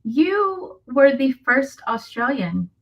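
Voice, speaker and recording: A woman's voice: high voice, very animated, takes it slowly. A woman co-hosting an interview, chatty and openly reacting to what she has just learned. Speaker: co-host. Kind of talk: casual interview chat. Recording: dull lo-fi audio.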